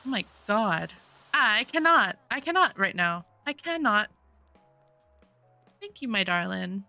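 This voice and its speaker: A woman's voice: mid-range voice, sing-song, takes it slowly, pushed and bright, no room sound, soft background music. A woman streaming a life-sim game, chatting casually and gushing with thanks to her chat. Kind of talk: casual gameplay commentary. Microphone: desktop USB microphone.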